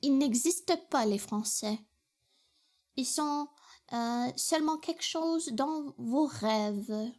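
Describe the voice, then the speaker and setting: A woman's voice: high voice, slow, a little mellow. A woman putting on an exaggerated French accent as a haughty mock Frenchwoman. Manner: exaggerated, theatrical. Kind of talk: casual chat.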